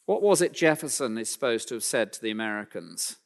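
A man preaching a sermon, speaking emphatically and slowing down to read scripture aloud, in a church. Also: mid-range voice, animated, vocal fry. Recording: long hall reverb.

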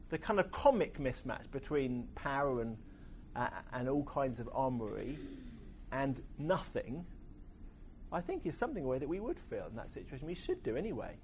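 A man's voice: on the high side, a little hiss or hum. Hesitant man preaching a sermon. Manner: hesitant, many fillers.

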